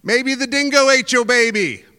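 A male preacher voicing a blunt local man who speaks loudly and slowly. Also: very high voice, clean tone, in a large hall, pitched above the performer's own voice. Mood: warning. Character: blunt Australian local man, matter-of-fact.

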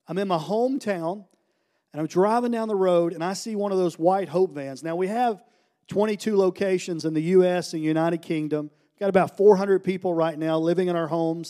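Guest preacher, male, high pitch, warm tone, lively anecdote-driven sermon. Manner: animated, joking anecdotes. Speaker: guest preacher, ministry founder. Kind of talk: storytelling sermon.

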